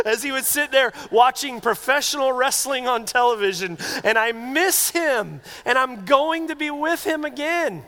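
A middle-aged man preaching a sermon as pastor, earnest and conversational, often dropping to soft, quiet tones. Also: very high-pitched. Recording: long hall reverb.

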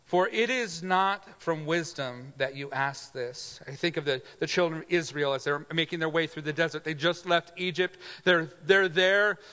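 Animated man preaching in a reverberant hall. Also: normal speed, few pauses. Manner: animated, acts out imagined voices with big pitch swings. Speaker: pastor. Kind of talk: sermon.

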